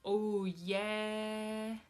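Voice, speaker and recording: A pregnant woman giving a live-stream tarot reading, speaking in a slow, soothing, spiritual way. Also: mid-range voice, little pitch movement, faint music behind. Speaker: tarot reader.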